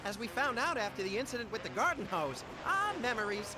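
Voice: medium pitch, sing-song, a little fast, noisy background, natural voice. A woman voicing a hyperactive, gleefully violent rabbity creature in a cartoonish video game.

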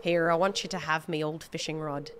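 A woman's voice: low voice, steady tone, a little fast, slight background noise, voice pushed down, lightly acted. A woman reading game dialogue aloud as a friendly old male fisherman, in a hammy put-on seafaring accent.

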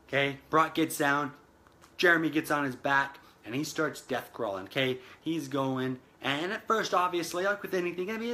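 A man's voice: on the high side, bright, forceful tone. A man giving an earnest motivational talk, retelling a film scene, calling his listeners guys and repeating phrases for emphasis. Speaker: motivational speaker.

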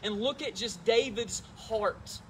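A man, a pastor, leading prayer and reading scripture in a church service, talking in an earnest, gentle way and repeating words as he goes. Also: high-pitched, takes it slowly, distant mic, slight background noise. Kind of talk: sermon and prayer.

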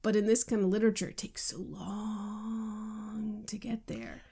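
A woman co-hosting a casual book podcast, chatty and quick to laugh, often dropping into breathy asides. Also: mid-range voice, level tone, dark tone. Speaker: podcast co-host.

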